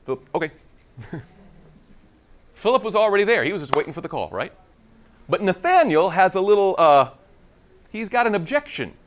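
A man's voice: high voice, normal speed, long pauses. A man preaching a conversational sermon, acting out scripture dialogue with playful humor. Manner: conversational, animated, acts out biblical dialogue with humor.

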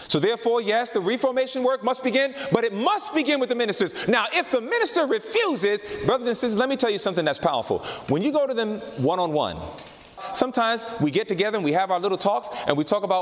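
A man preaching to a congregation, his fairly high voice rising and falling in a lively, animated way. He tells stories with energy and slows down for emphasis. His voice rings out with a long hall reverb. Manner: animated storytelling, slowing down for emphasis. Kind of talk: sermon.

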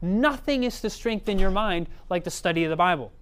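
A man's voice: high voice, animated, a little fast, fairly bright tone, clear, resonant tone. A man preaching a sermon in a conversational way, often checking in with the audience.

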